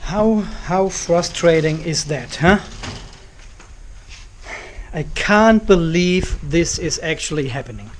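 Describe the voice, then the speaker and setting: A man's voice: a little high, lively intonation, slow, pauses often, a little hiss or hum. Exasperated man ranting to camera. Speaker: car vlogger. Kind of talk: casual vlog to camera. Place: home carport, outdoors.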